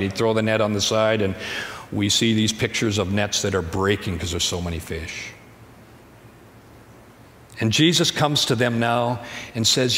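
Storytelling pastor in a reverberant church. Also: male voice, on the low side, normal speed, pauses often, a bit bright. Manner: conversational storytelling. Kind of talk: sermon. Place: church sanctuary. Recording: church hall reverb, faint ambience.

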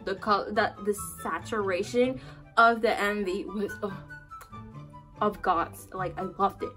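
A young woman reacting to a music video in excited casual commentary, gushing and squealing with drawn-out exclamations. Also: mid-range voice.

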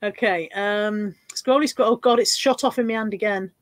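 A woman's voice: mid-range voice, moderate pace, no echo, studio quality. A woman hosting a casual live stream, giggling, swearing and reading out viewer comments. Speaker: livestream host.

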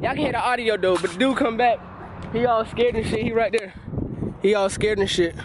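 Excitable slangy man telling a prank story. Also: a little fast, background noise. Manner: excitable, slangy storytelling with sudden high-pitched outbursts. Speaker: prank channel host. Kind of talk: storytime talking to camera.

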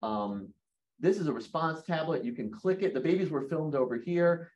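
A man giving an academic lecture in a hall, lively and joking with his audience. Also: a little high, moderate pace, highs cut off.

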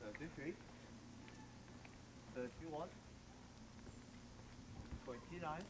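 A man's voice: a little high, extremely slow. A young man walking a street, joking and teasing a friend in casual chat. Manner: joking, teasing, reading out door numbers. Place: outdoors on a residential street. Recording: loud outdoor noise.

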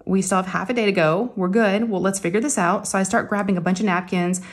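Animated woman telling a story. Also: medium pitch, fast talker. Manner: animated, acts out her own lines. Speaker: crafting channel host. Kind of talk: casual storytelling.

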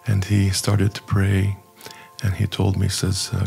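A middle-aged archpriest telling a personal story in an earnest, halting way, with many pauses and fillers. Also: male voice, low-pitched, completely flat delivery, creaky, a little mellow, faint music behind. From United States. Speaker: archpriest guest.

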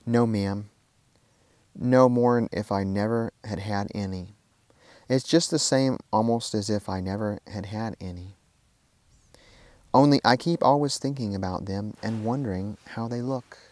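Timid, gloomy orphan boy in a storybook, low dry voice, male reader. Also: a little slow, a little mellow, dry recording, natural voice. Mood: sad. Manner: gloomy and fearful.

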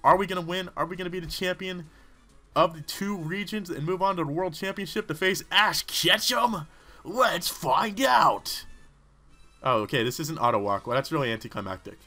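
A man giving rambling, excitable gaming commentary, talking back to the characters on screen. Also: on the high side, brisk. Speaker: let's play host.

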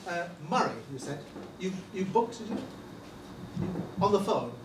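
Someone doing a gossipy box office attendant, stumbles over words a lot, pitch bouncing all over, echoey hall from far off, audience murmur. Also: sing-song, normal speed, very noisy, close to an everyday voice. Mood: chatty. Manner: stammering, gossipy, with many false starts. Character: fussy, chatty theatre box-office attendant greeting arrivals. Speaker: comedy sketch performer. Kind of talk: live stage sketch. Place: village hall stage.

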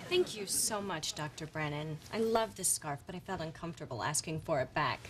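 A woman acting in a sitcom as a heartbroken young woman who speaks softly and tearfully. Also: low voice, expressive, brisk, heavy background noise.

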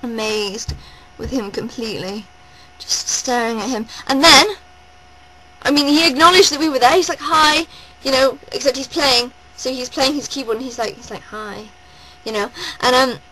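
A woman vlogging at home, gushing and rambling in a breathless, excited rush. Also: sits high, normal speed, crowd noise, poor audio. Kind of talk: excited personal vlog. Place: at home indoors.

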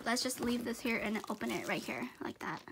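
Bubbly high-voiced woman unboxing gifts. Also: a little fast, gravelly, noisy background. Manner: excitable, gushing, frequent gasps and giggles. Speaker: unboxing vlogger. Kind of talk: casual unboxing chat.

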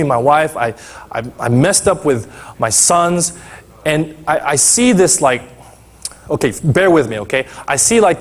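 A middle-aged man, a pastor, preaching a sermon in a conversational, animated way and acting out the people in his story. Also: fairly high pitch.

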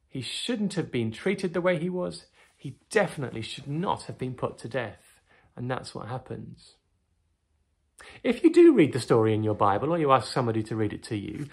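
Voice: mid-range voice, creaky, husky. A children's teacher telling and reading a Bible story, often asking the children tag questions.

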